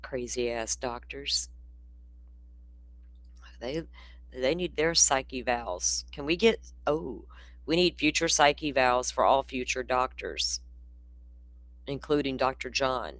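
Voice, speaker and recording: A woman's voice: very deep voice, slow, long pauses, fairly bright tone, dry recording. A woman hosting a casual livestream, talking bluntly and profanely in a rambling way while she keeps yawning. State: yawning, sleepy. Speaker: livestream host.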